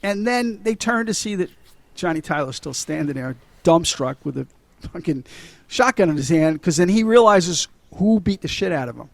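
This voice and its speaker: A man's voice: sits high, lively intonation, normal speed, vocal fry, no echo. A middle-aged man co-hosting a podcast, retelling movie scenes in a casual, laughing way with frequent swearing. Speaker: podcast co-host. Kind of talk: casual movie-recap chat.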